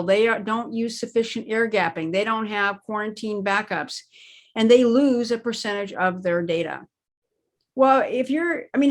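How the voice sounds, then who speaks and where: A woman speaking as an expert interview guest, explaining her points in an emphatic conversational way and leaning on key words. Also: a little high. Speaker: guest expert on crisis planning.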